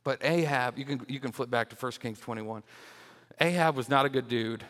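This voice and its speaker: A young man preaches with lively, playful energy, repeating words as he restarts his thoughts. His voice sits at an ordinary middle pitch. The sound carries the long reverb of a large church hall. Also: moderate pace. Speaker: children's minister. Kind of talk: animated sermon.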